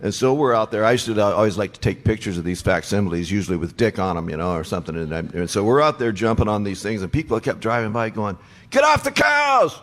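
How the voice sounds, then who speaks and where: A man in his sixties telling band road stories on stage before an audience, animated and acting out the voices of people in his stories. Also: lowish voice, fast talker, few pauses. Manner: animated storyteller, acts out quoted voices. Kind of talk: onstage storytelling panel.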